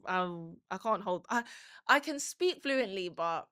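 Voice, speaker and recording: A woman from Colombia hosting a casual podcast chat, animated and laughing, getting loud when worked up. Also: medium pitch, measured pace, clear, resonant tone, no room sound, clean studio sound. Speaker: podcast host.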